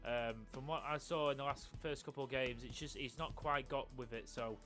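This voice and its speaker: A man's voice: medium pitch, steady tone, moderate pace, fairly bright tone, soft background music. A man giving chatty, rambling commentary over a football video game. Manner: chatty, rambling, with frequent restarts. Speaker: gaming channel host.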